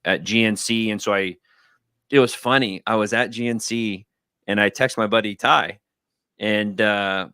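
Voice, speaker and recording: A man in his thirties, a guest on a livestream video call, telling stories in an animated, rambling way. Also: on the low side, unhurried, clean tone, no room sound, studio quality. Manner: animated, rambling storytelling with acted-out quotes. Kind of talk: casual talk on a livestream.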